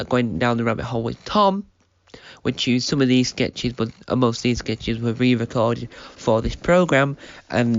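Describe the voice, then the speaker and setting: Slow-talking man closing a sketch show. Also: mid-range voice, vocal fry, dull audio. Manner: rambling and hesitant, with fillers. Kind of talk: closing remarks.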